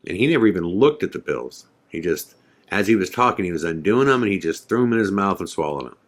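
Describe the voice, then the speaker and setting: Podcast host, male, very low voice, casual rambling storyteller. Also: lively intonation, fast. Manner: rambling, many fillers.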